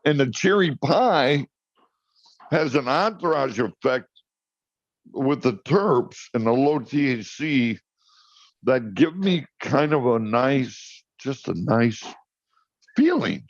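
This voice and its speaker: A man talking casually on a talk show, spinning an animated story and stumbling over his first words. His voice sits at a middle pitch. The sound is dry and a little dull. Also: slow pace, pauses often, dry recording. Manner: storytelling, animated, repeats words when starting. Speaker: guest, cannabis grower.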